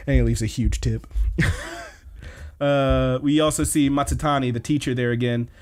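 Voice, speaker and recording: Steady in tone, medium-pitched and at normal speed, this male podcast host leaves long pauses. He loosely retells anime episodes in a rambling, filler-heavy way.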